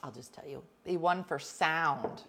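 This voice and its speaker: A woman hosting a casual chat, telling rambling stories with quick whispered asides. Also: low-pitched, fairly bright tone.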